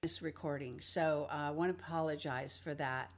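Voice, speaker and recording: A woman giving a rambling monologue in a halting, slow way, full of fillers, played as a clip. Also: sits low, steady tone. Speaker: video presenter.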